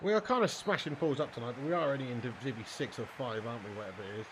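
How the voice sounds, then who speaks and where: A man's voice: medium pitch, very fast, background noise. A young adult man streaming a football video game, trading sweary, mock-aggressive banter with his live chat.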